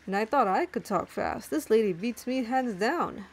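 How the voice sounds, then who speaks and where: A woman's voice: a little high, lively intonation, normal speed, voice pushed down, rough recording. A woman reading the lines of an amused adventurer companion in a video game.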